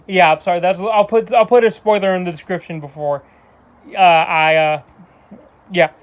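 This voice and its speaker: A man's voice: high-pitched, fairly even intonation, normal speed, clear, resonant tone. A man giving a casual spoken film review, rambling with frequent restarts and loose asides. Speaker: movie reviewer.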